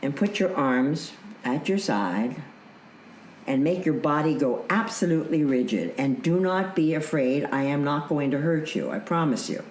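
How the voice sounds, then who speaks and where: Woman voicing a calm stern young man. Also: sits low, normal speed, echoey room, a little hiss or hum, poor audio. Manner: steady and instructive.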